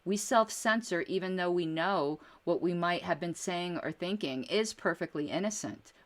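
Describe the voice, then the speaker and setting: A middle-aged woman hosts a podcast and talks in a low, casual voice. She is outspoken and blunt, swears mildly, and often restarts her sentences as she answers viewer chat. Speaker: podcast host.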